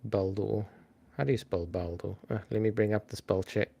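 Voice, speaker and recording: A man's voice: fairly low pitch, fairly even intonation, normal speed, gravelly, warm tone, breathy edge. A man hosting a live-stream trivia game in a casual, chatty way, thinking aloud and greeting viewers by name.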